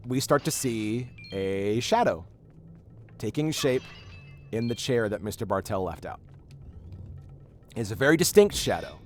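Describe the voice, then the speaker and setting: A man hosting a game stream, telling a story in casual chat with many restarts and fillers. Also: mid-range voice. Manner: rambling, animated storyteller with frequent restarts. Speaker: streamer host.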